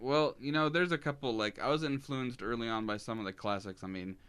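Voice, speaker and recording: A young man bantering on a podcast, jokey and over the top. His voice is bright and forceful, with a smooth, resonant tone. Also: mid-range voice, fairly quick. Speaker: podcast co-host. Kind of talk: casual chat.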